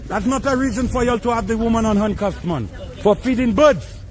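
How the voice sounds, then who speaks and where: A man in the street, exasperated and protesting loudly at police as the scene is filmed. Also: very high-pitched, fast talker. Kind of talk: heated street argument. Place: outdoors on a street. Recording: crowd around him in the street.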